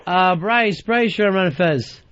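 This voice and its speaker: A man's voice: sits high, unhurried, fairly bright tone, slight background noise. A man hosting a radio talk show, taking calls and scolding in a brash, profane, mock-stern way. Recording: dull dry 2000s radio broadcast.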